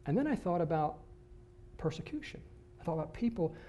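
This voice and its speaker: A male pastor preaching a sermon, telling a personal story in an animated way that swings between excited bursts and hushed moments. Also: a little high, very fast, a little hiss or hum.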